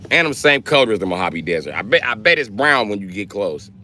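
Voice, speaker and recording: A man talks in a deep, low register. He streams live and jokes with his viewers in a brash, profane, trash-talking way. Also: sing-song, fast talker, pushed and bright, slight background noise. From Milwaukee, Wisconsin. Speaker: livestreamer. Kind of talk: casual live-stream chat.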